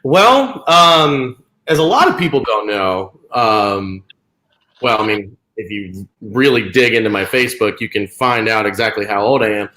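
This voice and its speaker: A man's voice: on the low side, animated, measured pace, sharp tone, low-quality recording. Late-thirties man from North Carolina, guest musician, easygoing talker with lots of fillers, on a video call. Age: 30s. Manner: friendly, laughs easily, chatty with fillers. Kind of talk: casual interview chat.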